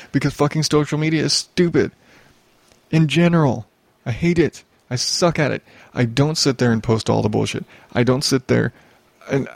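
A man's voice: mid-range voice, creaky, darkish tone, dry recording. A young man hosting a solo podcast, ranting and rambling with lots of swearing and restarts. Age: young adult. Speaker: podcast host.

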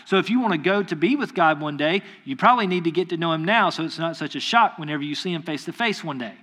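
A man delivering a sermon with a bright, forceful tone and a slightly raised pitch. He preaches in a relaxed, conversational way, acting out quoted voices and throwing quick asides to his listeners. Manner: acts out quoted voices in retellings.

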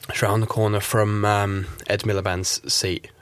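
A man's voice: on the low side, little pitch movement, moderate pace, clear, resonant tone, dry recording. An English man from South Yorkshire with a nondescript accent, giving his views as a guest in a radio studio discussion, rambling with lots of fillers. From South Yorkshire, England. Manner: rambling, heavy fillers like "you know" and "like". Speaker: guest commentator.

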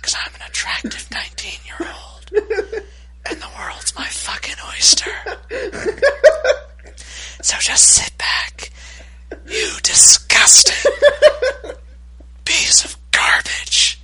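A smug, contemptuous young ASMR girl in a whispered role-play, as a man puts her on. Her breathy mocking whisper drops low, then breaks into sudden harsh bursts. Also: huge pitch swings, extremely slow, pauses often, pushed and bright, full character voice. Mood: sneering.

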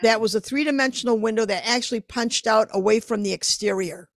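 A woman artist, a podcast guest, telling lively stories and acting out her own inner voice. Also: a little high, a little fast, no room sound. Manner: animated storyteller, acts out her inner voice. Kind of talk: casual interview chat.

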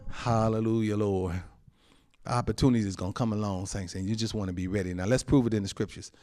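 Man preaching a sermon, frequent amens, soft asides, loud high exclamations, chuckles. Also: fairly even intonation, rapid-fire. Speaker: pastor.

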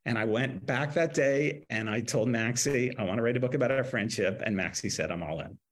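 A sixty-year-old man with a husky, breathy voice, relaxed and chatty as an interview guest. He spins anecdotes, slipping into other people's voices and laughing along the way. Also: medium pitch, a little fast. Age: 60s. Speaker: author guest. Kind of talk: casual interview storytelling.

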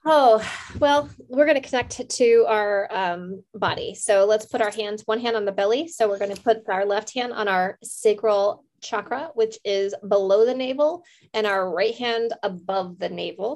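A woman co-hosting a podcast, chatting casually and leading a guided meditation. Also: medium pitch. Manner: soft, slow guiding voice in meditation. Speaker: co-host.

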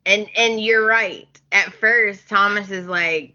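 A woman's voice: mid-range voice, slow pace, hardly any pauses, bright, forceful tone, highs cut off. A woman co-hosting a casual podcast, retelling soap opera scenes and acting out the characters' lines. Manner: storytelling, acts out characters' lines. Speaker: podcast co-host.

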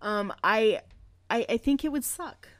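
A woman's voice: fairly high pitch, lively intonation, unhurried, no room sound. A woman hosting a casual podcast, reading Bible passages and breaking in with profane, joking commentary. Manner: irreverent, profane, joking asides between scripture passages. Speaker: podcast host.

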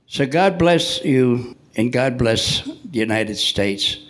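A man's voice: medium pitch, expressive, slow, a bit bright. An older man, a Navy veteran, telling jokey stories live to an audience in a church hall. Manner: jokey, punchline-driven, chatty with the audience. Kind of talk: joking live storytelling.

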